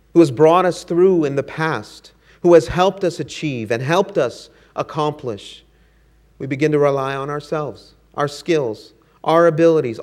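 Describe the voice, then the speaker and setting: Brief: male preacher, earnest sermon delivery, rhythmic and exhorting. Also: fairly high pitch.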